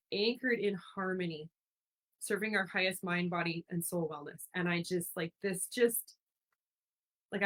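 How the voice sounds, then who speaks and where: A woman's voice: mid-range voice, fairly bright tone, low-quality recording. Effusive, rambling woman host. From Ontario, Canada. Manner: effusive, rambling, with many fillers and restarts. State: getting emotional. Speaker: host of a speaker series. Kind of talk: casual live-stream monologue.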